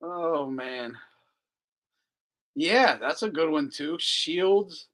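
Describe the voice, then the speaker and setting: A man's voice: fairly high pitch, a bit bright. A man hosting a casual live commentary stream, profane and mocking, laughing often. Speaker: host.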